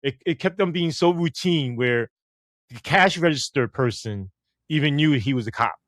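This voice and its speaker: A middle-aged man, a former police officer telling stories in an interview, animated and swearing casually as he acts out the dialogue. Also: mid-range voice, moderate pace, no echo. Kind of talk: storytelling interview.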